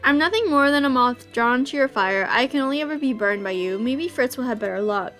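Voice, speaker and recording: A woman voicing a brooding young man, a dark wolfish rival, reading a visual novel aloud in a low, soft, wistful way. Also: lively intonation, a little fast, faint music behind.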